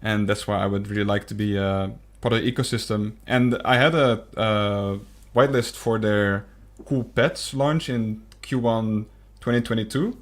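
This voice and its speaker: A man's voice: on the low side, steady tone, moderate pace. A young man co-hosting a casual podcast, talking hesitantly with frequent restarts and fillers. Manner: hesitant, stammering restarts, lots of um and like. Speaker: podcast co-host.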